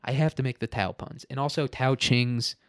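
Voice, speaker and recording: A man's voice: medium pitch, steady tone, normal speed, no echo, clean studio sound. A man hosting a podcast alone, telling rambling stories in casual, profane talk and laughing often. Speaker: podcast host. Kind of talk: casual solo podcast monologue.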